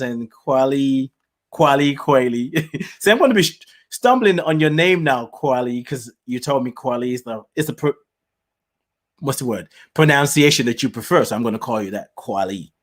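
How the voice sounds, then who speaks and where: Male host, mixed British/Nigerian/Southern US accent, animated casual monologue with frequent laughs. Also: moderate pace. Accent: mix of British, Nigerian and Southern US. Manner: animated, chatty, laughs often, big pitch swings. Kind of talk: casual live-show monologue.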